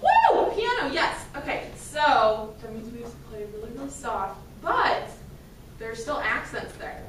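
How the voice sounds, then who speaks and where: A woman's voice: on the high side, sing-song, moderate pace, fairly bright tone. A woman teaching a school band class, upbeat and encouraging as she counts the players in. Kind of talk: classroom instruction. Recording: roomy, distant, noisy classroom.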